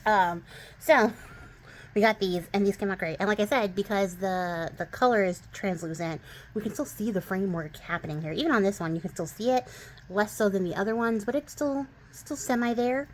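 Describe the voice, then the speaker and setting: This crafting channel host is a young western US woman whose West Coast accent carries a light Texas twang. She talks fairly quickly at a medium pitch, chatting and rambling about her crafts with lots of laughs and fillers, over slight background noise.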